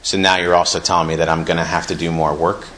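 A man's voice: deep voice, flat delivery, fast, fairly bright tone, a little hiss or hum, poor audio. A young man speaking earnestly at a recovery meeting, reading passages aloud from a book and reflecting on them in a conversational way.

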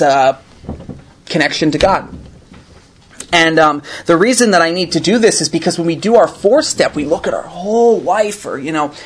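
A man reading aloud and commenting to a recovery group, in an earnest, conversational way, often ending thoughts with "right?". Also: a little high. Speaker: recovery meeting speaker.

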